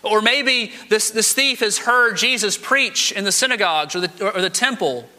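High bright-voiced male preacher. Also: moderate pace. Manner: dramatic, acts out quoted speech. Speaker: pastor. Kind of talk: sermon. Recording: long hall reverb.

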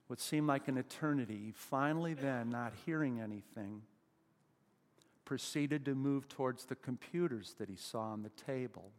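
A man preaching a sermon as pastor, emphatic, with loud rising exclamations and questions put to the congregation. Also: mid-range voice, moderate pace. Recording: long hall reverb.

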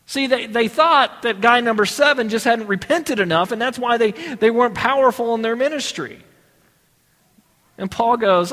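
A high-pitched man teaches a Bible class in a loose, chatty way. He throws questions at his listeners and often stops to restart his sentences. His voice rings out with a long reverb, as in a hall. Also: moderate pace, bright, forceful tone. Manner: conversational, asks the audience questions, many restarts.

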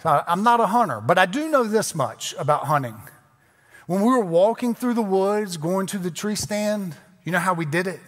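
Joking pastor in a big hall. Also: male voice, high voice, lively intonation, normal speed. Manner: conversational, joking, self-deprecating. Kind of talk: sermon. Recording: long hall reverb.

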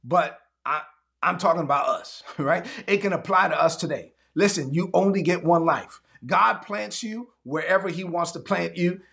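Gravelly high-voiced preacher. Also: male voice, normal speed. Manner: animated, acts out conversations in his own voice; calls for audience responses. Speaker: pastor. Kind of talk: sermon.

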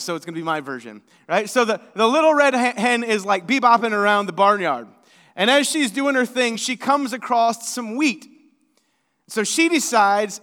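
A man's voice: sits high, pushed and bright, in a large hall. A man preaching in a church, praying and then telling a story in a folksy, conversational way, often repeating words. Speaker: pastor. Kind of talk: sermon with prayer and storytelling.

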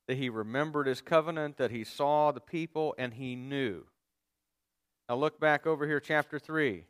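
A man's voice: mid-range voice, a bit bright, smooth, no room sound. A male pastor preaching a sermon, reading scripture aloud and explaining it to his listeners, calling for their responses.

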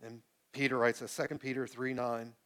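A man's voice: medium pitch, normal speed. A man in his forties preaching a sermon to a live congregation, reading scripture and calling out for the room to answer back. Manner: animated, call-and-response with the congregation. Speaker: pastor. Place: church sanctuary with a live congregation.

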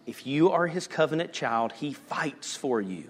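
A man preaching a sermon as pastor, moving between loud calls and hushed, almost whispered lines. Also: fairly high pitch, expressive, unhurried, in a large hall.

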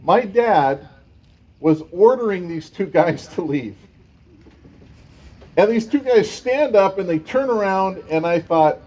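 Male pastor, middle-aged, from the San Francisco Bay Area, mellow and a touch high, casual storytelling sermon. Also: animated, takes it slowly, pauses often, poor audio. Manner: conversational storytelling with fillers.

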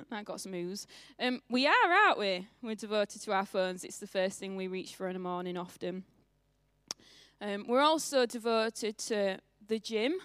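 A woman's voice: a little high, clear, resonant tone, no echo, studio quality. A young woman pastor with a northern English accent, giving a chatty, self-mocking sermon in church and laughing often.

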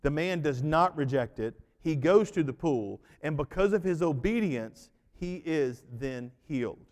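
A man preaching a sermon as pastor, folksy and animated, acting out voices as he tells stories. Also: on the high side, measured pace. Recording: reverberant hall.

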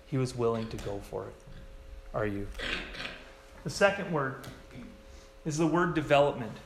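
A man preaching a sermon in a church, telling stories with lively voices for the quoted lines. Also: slight background noise. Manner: animated storytelling, acts out quoted lines in a higher voice. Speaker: pastor.

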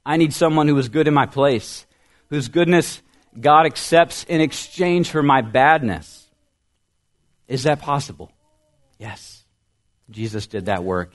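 Young guy pastor giving a sermon, earnest, mid-pitched voice, gets loud then drops way down soft. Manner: earnest storytelling with rising emphasis and soft trailing ends.

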